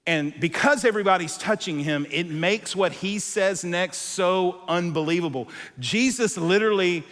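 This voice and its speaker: A male pastor preaching a sermon, telling a story with animated acted-out voices and dropping to quiet, intense moments. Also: sits high, moderate pace, big-room sound. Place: church auditorium.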